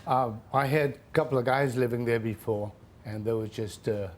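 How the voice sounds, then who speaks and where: A man's voice: medium pitch, fairly even intonation, normal speed, a little hiss or hum. A man, the defendant on a courtroom show, giving short and terse answers to the judge.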